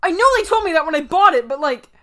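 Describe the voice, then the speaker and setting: A woman puts on a flustered man caught reading at home, blurting out panicky questions in a high, loud voice that jumps around. He stumbles over his own words and cannot get a sentence straight. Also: expressive, fast talker, background noise. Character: startled male homeowner, flustered and rambling.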